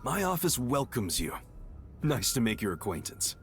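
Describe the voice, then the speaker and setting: An actor playing an easygoing, middle-aged male detective agency director in dubbed video game dialogue, relaxed and courteous. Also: mid-range voice, moderate pace, soft background music. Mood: friendly.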